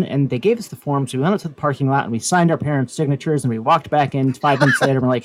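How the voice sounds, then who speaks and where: A man's voice: mid-range voice, very fast, hardly any pauses, a little hiss or hum. A man on a casual talk show, telling a long rambling story full of fillers and laughs. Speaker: podcast co-host.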